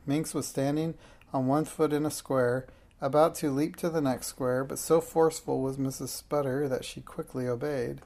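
A reader narrating a children's storybook aloud in a steady, unhurried way, with small slips. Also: medium pitch.

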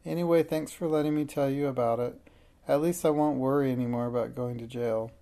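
A reader voicing a shy, anxious young girl in a storybook read aloud, with a gravelly, mellow voice. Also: medium pitch, fairly even intonation, fairly quick, natural voice. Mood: worried. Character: shy worried young witch's daughter.

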